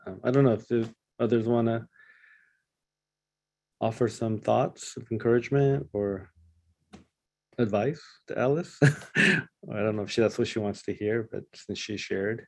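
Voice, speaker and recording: A man leading a casual Bible study discussion, talking in a halting way with many fillers and restarts. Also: on the low side, creaky, no echo.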